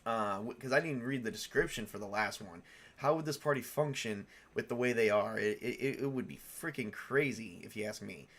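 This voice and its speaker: Speaking a little fast, a man with a fairly low pitch and a fairly bright tone runs a laid-back live stream about making tabletop game characters. He rambles and reasons aloud, chuckling and self-correcting often, and takes questions from viewers.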